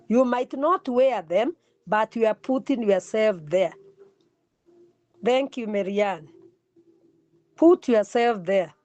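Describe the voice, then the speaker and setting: A middle-aged woman teaching a counselling class, repeating key words slowly for emphasis. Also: a little high, expressive, mellow, dry recording. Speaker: counselling lecturer. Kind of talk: classroom lecture.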